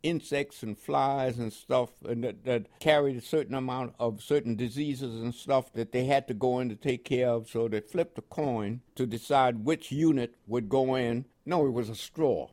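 A man's voice: medium pitch, moderate pace, hardly any pauses, darkish tone. An older man recounting his wartime service in an oral history interview, rambling and chuckling, with frequent repeated words. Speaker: war veteran interviewee.

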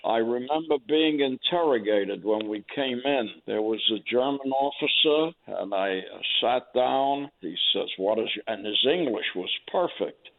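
A man's voice: mid-range voice, animated, gravelly. Older man, tinny phone-line sound. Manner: plain, halting storytelling with pauses. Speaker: veteran interviewee. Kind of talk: oral history interview.

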